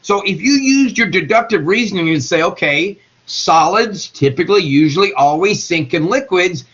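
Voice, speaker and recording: A man's voice: high-pitched, lively intonation, moderate pace, a bit bright, breathy edge. A middle-aged man giving a chemistry lecture in a classroom, folksy and joking with his students. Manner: folksy, jokey, talks to students by name. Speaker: chemistry teacher. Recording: dull lo-fi classroom recording.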